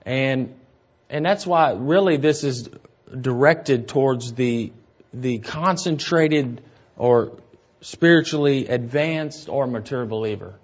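A man's voice: mid-range voice, slow pace, highs cut off. A man preaching an expository sermon, teaching verse by verse and repeating key phrases for emphasis. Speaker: pastor.

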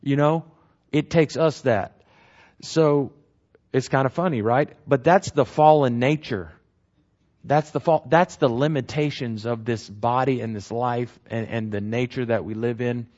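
A man with a medium-pitched, darkish voice teaches the Bible verse by verse at an unhurried pace, speaking conversationally. He repeats key phrases and keeps asking "right?", and the recording sounds dull and lo-fi.

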